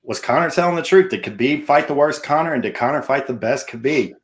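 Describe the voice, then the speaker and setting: A man's voice: mid-range voice, expressive, fast talker. A man hosting a casual sports talk show, chatty and jokey, tossing questions to his co-host and viewers.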